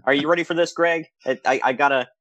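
A man co-hosting a podcast, telling stories in a casual, animated way with frequent laughs. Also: a little high, quick pace, no room sound, dull audio. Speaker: podcast co-host. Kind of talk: casual chat.

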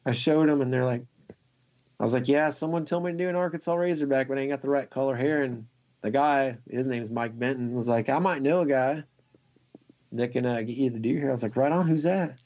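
A man, a fly tier, telling a long story in a casual, excited, rambling way and laughing often. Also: mid-range voice, a little fast.

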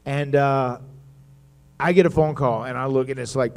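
A man's voice: medium pitch, normal speed, pauses often. A man telling wrestling stories at a live stage show, acting out what other people said. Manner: animated storyteller acting out others' lines.

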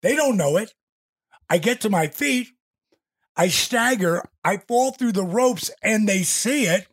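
A man in his sixties, an interview guest telling stories in a casual, animated way and acting out quotes and sound effects. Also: high voice, a little slow, slightly rough, no room sound, studio quality.

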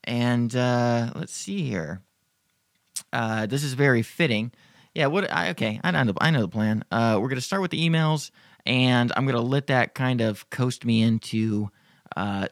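Gravelly, foul-mouthed man hosting a Q&A. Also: mid-range voice, no echo, clean studio sound. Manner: profane, rambling, joking. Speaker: podcast host answering listener questions. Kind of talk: casual Q&A chat.

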